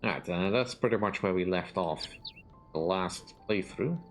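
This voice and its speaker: A man's voice: sits low, normal speed, soft background music. A man giving casual commentary on his game, with mumbled, offhand remarks to himself. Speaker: let's play host.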